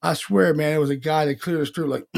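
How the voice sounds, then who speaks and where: A man co-hosting a podcast, telling stories in casual chat, animated, with slang and swearing. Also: on the high side, fast, gravelly. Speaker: podcast co-host.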